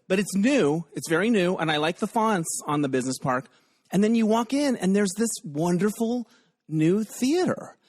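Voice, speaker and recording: A man's voice: high-pitched, no echo, clean studio sound. A man hosting a podcast in a casual, rambling chat, often laughing as he talks. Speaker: podcast host.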